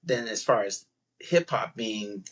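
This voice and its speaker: A man hosting a casual podcast interview, reflective and relaxed, with many "um" and "uh" fillers. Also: on the low side, takes it slowly, slightly rough, rough recording. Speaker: podcast host.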